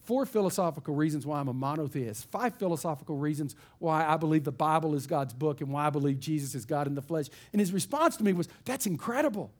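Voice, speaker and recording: A man from East Texas, a pastor telling a story in a sermon in an animated, folksy way. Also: fairly high pitch, fast talker, few pauses.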